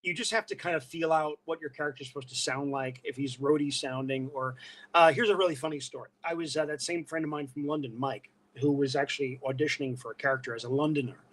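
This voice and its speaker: A man from Brooklyn with a New York accent, a guest chatting casually and telling animated stories. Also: fairly high pitch, quick pace, low-quality recording. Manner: animated storyteller, breaks into voices. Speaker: guest, illustrator and costume actor. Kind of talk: casual interview chat.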